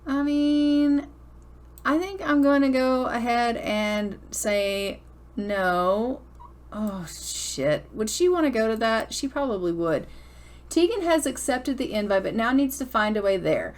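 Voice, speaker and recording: A woman's voice: on the high side, expressive, slow. A woman giving casual, blunt, chatty commentary while playing a life-simulation game, swearing now and then. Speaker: gameplay commentator.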